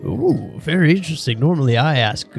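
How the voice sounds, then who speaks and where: A man voicing Titus, a male bartender who has spent years at sea, speaking in a halting, hesitant way. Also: a little high, sing-song, vocal fry, soft background music, pitched above the performer's own voice. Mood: calm.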